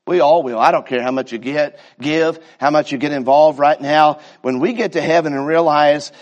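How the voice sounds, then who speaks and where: High-voiced fervent male preacher. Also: fairly even intonation, lo-fi sound. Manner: fervent preaching, slow drawn-out repetitions, stammering restarts. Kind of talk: sermon.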